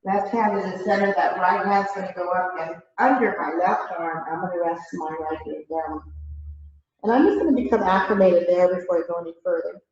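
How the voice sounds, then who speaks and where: A woman leading a yoga class, chatty and relaxed, laughing at herself and a little out of breath. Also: lowish voice, a little fast, heavy reverb, recorded from a distance, muffled recording. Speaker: yoga instructor. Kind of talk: guided yoga class instruction. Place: yoga studio.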